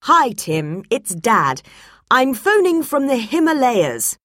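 A woman's voice: fairly high pitch, very animated, slow, a bit bright, no echo, studio quality, pitched above the performer's own voice, full character voice. Woman doing a cheerful explorer dad. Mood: enthusiastic.

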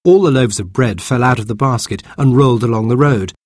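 A man reading a children's storybook aloud in an expressive way. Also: mid-range voice, quick pace, dry recording, clean studio sound. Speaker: narrator.

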